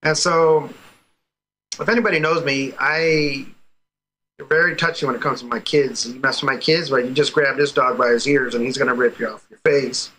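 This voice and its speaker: An American father, interviewed casually over a call, tells a story energetically and acts out the quoted dialogue. His medium-pitched voice is bright and forceful with fairly even intonation and normal speed, though the audio is poor.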